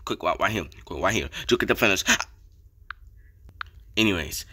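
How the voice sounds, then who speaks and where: A young man giving casual commentary over his football video game, slangy and excitable, repeating chants and getting hyped on big plays. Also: low-pitched, moderate pace, pauses often, slightly rough. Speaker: gaming YouTuber. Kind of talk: gameplay commentary.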